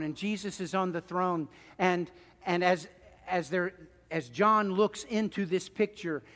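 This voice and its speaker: Middle-aged guy preaching, voice rings around a big hall, gets loud then goes real quiet. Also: high-pitched. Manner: impassioned preaching, swinging from loud pleas to hushed asides. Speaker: pastor. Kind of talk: sermon.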